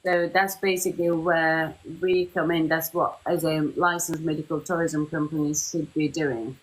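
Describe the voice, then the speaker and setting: A woman's voice: sits low, moderate pace, low-quality recording. Chatty middle-aged woman hosting a live Q&A. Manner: chatty, lively storytelling with quoted voices. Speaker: CEO of a medical tourism company, host. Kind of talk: live-stream Q&A chat.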